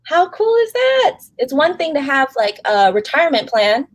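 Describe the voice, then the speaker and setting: A woman's voice: high voice, very animated, normal speed, no room sound. Gushing woman host, dry close sound. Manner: effusive, gushing, addresses audience as "guys". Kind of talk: enthusiastic interview chat.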